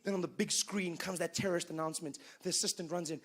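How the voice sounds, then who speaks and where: A male stand-up comedian performing a routine in an animated way, full of "you know" asides. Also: fairly high pitch, fast, vocal fry.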